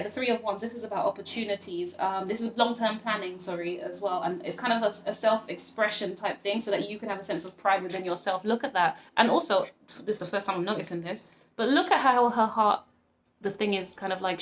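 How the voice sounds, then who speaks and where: Woman tarot reader, mid-pitched, loose and playful, lots of ums and laughs, recorded in an echoey room. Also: brisk, a little hiss or hum. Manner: playful, rambling, chatty, with frequent laughs and fillers. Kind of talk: casual tarot reading to camera.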